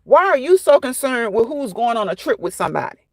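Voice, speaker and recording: A woman's voice: on the high side, very animated, fairly quick, no room sound. A woman hosting a casual livestream, chatting and fussing while she answers viewers by name. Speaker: livestream host reading chat.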